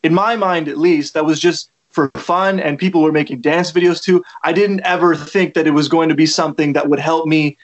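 A man chats loosely as the guest in a relaxed interview. His voice sits a little above the usual male range. He rambles with plenty of fillers. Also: on the high side, a little fast, few pauses. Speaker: musician guest. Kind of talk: casual interview chat. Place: lives in Toronto.

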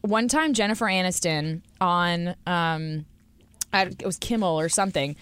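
A woman's voice: on the low side, unhurried, a bit bright, clean tone, dry recording. A young woman hosting a podcast in casual chat, dry and sarcastic, laughing often. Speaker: podcast host.

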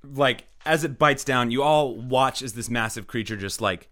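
A man's voice: medium pitch, moderate pace, pushed and bright. A man narrating as dungeon master in a loose, casual way, full of filler words. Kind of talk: narrating a tabletop game.

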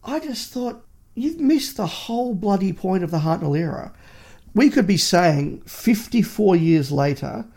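A man's voice: a little high, mellow. A man co-hosting a podcast, reviewing in casual chat with a passionate, opinionated ranting manner. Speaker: podcast co-host.

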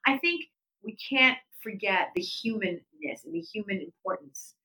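A middle-aged woman, unhurried but animated, recounts her story as a guest in an interview, jumping up in pitch to quote others. The recording is rough.

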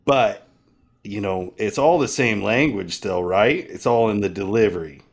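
A man's voice: on the low side, a little slow. A man co-hosting a podcast, thinking aloud in casual, rambling talk with many fillers. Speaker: podcast co-host. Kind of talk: casual chat.

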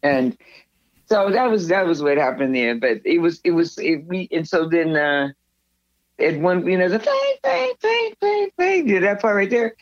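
Woman, animated storyteller, dry close sound, dull lo-fi recording. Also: low voice, moderate pace, no room sound. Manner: animated storyteller, acts out others' lines. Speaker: guest. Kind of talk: casual storytelling interview.

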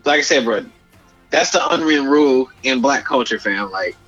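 A man's voice: medium pitch, lively intonation, moderate pace, fairly bright tone, highs cut off, faint music behind. A man co-hosting a casual chat podcast, riffing animatedly with heavy profanity and mock quotes. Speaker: podcast co-host.

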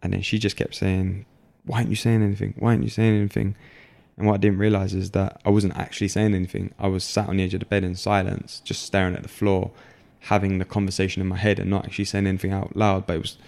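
A young man with a very low, gravelly voice speaks in a flat, even tone. He tells his story candidly, often stopping, restarting and leaning on fillers. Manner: halting, filler-heavy, frequent restarts. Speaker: guest.

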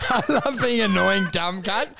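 A man's voice: high-pitched, measured pace, gravelly, background noise. A middle-aged man, telling stories in casual banter, swearing freely and acting out the people he quotes. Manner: swears freely, animated storytelling with put-on quoted voices. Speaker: podcast co-host.

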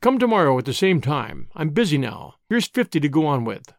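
A gruff, suspicious middle-aged man barks and snarls each line with lively swings in pitch. A man reads him aloud in a storybook. The sound is dry and close, with no room around it. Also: fairly quick, no room sound. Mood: curt. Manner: snarling, barking.

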